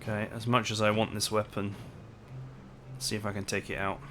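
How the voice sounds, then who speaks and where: A man's voice: lowish voice, little pitch movement, brisk, background noise. A man casually commenting on his own strategy game as he plays, reacting aloud to each turn. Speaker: gaming commentator. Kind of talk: let's play commentary.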